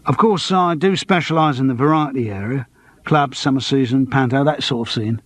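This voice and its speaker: A man's voice: mid-range voice, moderate pace, natural voice. A man voicing a businesslike talent agent with a Cockney accent. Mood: brisk. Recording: dry close studio.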